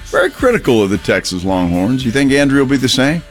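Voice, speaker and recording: A man's voice: medium pitch, very animated, quick pace. Radio host guy, bouncy voice, teasing and laughing, faint music behind. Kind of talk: casual sports talk radio chat.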